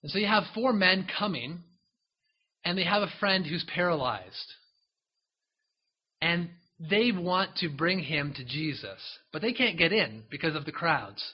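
Husky-voiced man preaching conversationally. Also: a little high, expressive, measured pace, highs cut off. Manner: conversational storytelling with frequent asides to listeners. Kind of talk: sermon, retelling a Bible story.

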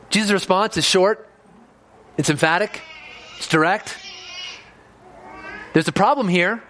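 A high-pitched man delivers a sermon, explaining the scripture passage verse by verse. He talks with earnest pastoral conviction. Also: fairly bright tone, a little hiss or hum.

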